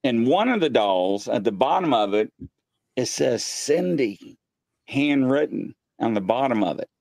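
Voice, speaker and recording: A man hosting a live paranormal show from his home studio, telling ghost stories excitedly and acting out what people said. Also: medium pitch, a little slow, vocal fry, no room sound. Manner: excitable storyteller, acts out quotes. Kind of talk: casual live-stream chat. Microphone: desk mic.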